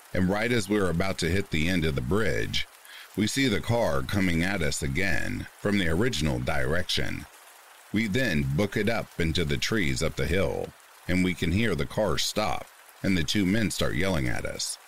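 Deep-voiced male narrator with an expressive, shifting pitch; deliberate scripted horror reading over soft rain. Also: a little hiss or hum. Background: faint rain.

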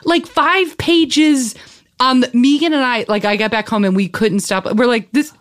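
A woman comedian as a guest, telling animated, rambling stories full of fillers in a casual interview. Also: on the high side, normal speed.

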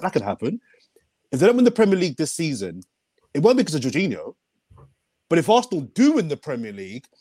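A man's voice: mid-range voice, dry recording. A man, talking passionately as a panelist on a football fan podcast. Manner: passionate, emphatic, animated. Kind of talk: casual chat.

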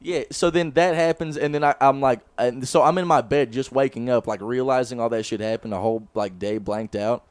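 A man's voice: medium pitch, a little fast, few pauses, clear, resonant tone, no room sound. A young man co-hosting a podcast, telling a story in casual chat, swearing often and acting out what others said. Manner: animated, swears a lot, acts out quotes. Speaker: podcast co-host. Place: small room, close mic.

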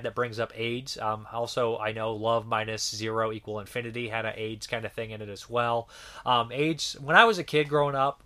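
Bright-voiced man rambling through movie reviews. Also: mid-range voice. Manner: rambling, profane, heavy filler words. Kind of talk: casual film review monologue.

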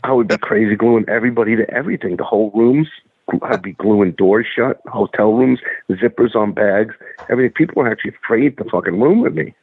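A man's voice: lowish voice, a little fast, breathy edge, no echo. A man, a guest and former pro wrestler, telling rambling, profane stories in casual chat with lots of restarts. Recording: tinny phone-like line, dry.

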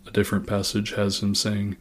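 Male history narrator, low and level delivery, dry wry asides. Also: completely flat delivery, fairly quick.

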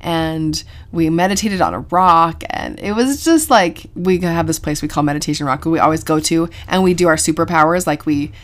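Woman, podcast co-host, mother, lowish voice, chatty, animated, laughs a lot. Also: moderate pace, few pauses. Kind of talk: casual chat.

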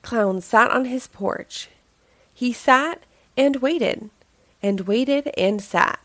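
Woman reading a kids book out loud, slow and super expressive, dry close sound. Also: a little high, no room sound. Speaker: children's story reader. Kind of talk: reading a picture book aloud.

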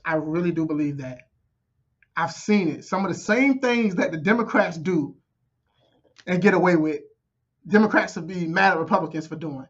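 A man's voice: a little high, muffled recording. A man reacting to a debate clip with casual, conversational commentary, often repeating himself for emphasis.

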